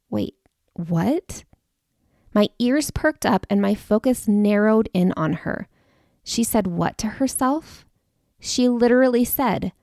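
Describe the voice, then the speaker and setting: Woman, 40s, podcast host, confiding storyteller, fry in the voice, dry close mic. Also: medium pitch, measured pace, a little mellow, no echo. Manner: earnest, confiding, addresses listener directly. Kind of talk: personal storytelling monologue.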